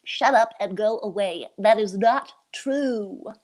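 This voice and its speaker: A woman's voice: mid-range voice, slow, a little mellow, lightly acted. A woman voicing truth as a little nerdy male turtle that speaks firmly. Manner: firm, plain-spoken.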